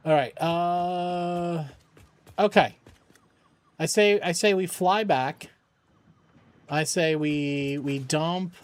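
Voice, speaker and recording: A man's voice: fairly high pitch, fairly even intonation, extremely slow, pauses often. A man streaming games for charity, chatting casually with viewers and his dog. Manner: chatty, talks to his dogs and chat. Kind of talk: casual live-stream chat.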